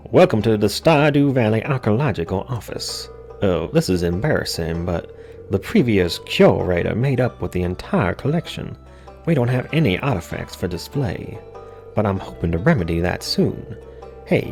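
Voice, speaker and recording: A man's voice: on the low side, sing-song, creaky, a little mellow, soft background music. A man voicing a genteel male museum curator in a video game with a Southern US accent and a courtly drawl. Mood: courteous. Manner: courtly and drawn-out.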